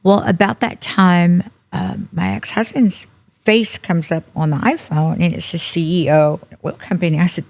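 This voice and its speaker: A woman's voice: on the low side, normal speed, vocal fry. A middle-aged woman, a podcast guest telling a personal story and acting out the people in it. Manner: animated storyteller acting out quoted dialogue. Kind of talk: storytelling interview.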